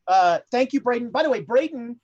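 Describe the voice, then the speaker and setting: Halting woman host on dull audio. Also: on the high side, lively intonation, a little mellow. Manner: halting, many fillers and restarts. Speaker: host of the show. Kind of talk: casual chat between game sessions.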